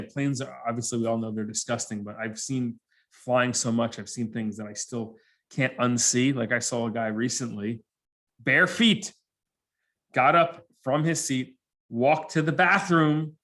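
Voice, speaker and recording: A man giving a humorous motivational presentation to students, telling lively stories and acting out the people in them. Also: medium pitch. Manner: animated storyteller who acts out characters. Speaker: motivational speaker.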